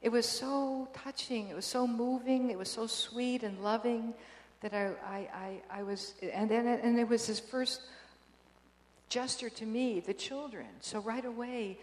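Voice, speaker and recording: A woman's voice: a little high, unhurried. Older woman telling a story in an echoey hall. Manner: animated, emotional, frequent restarts and laughs. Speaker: speaker giving a personal testimony. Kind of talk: storytelling talk to an audience. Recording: echoey hall with long reverb.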